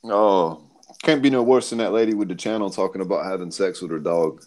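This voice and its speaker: Brief: low-voiced man, crude joking panel guest, easygoing. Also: fairly quick, darkish tone. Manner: crude, joking, laid-back. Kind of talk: casual group chat.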